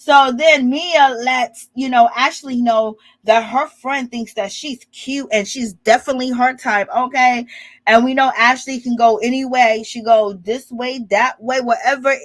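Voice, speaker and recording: A woman doing a casual, sassy reality show recap, chatty and quick to laugh. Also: a little high, fairly even intonation. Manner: sassy, chatty, peppers lines with "okay?" and "child"; laughs often.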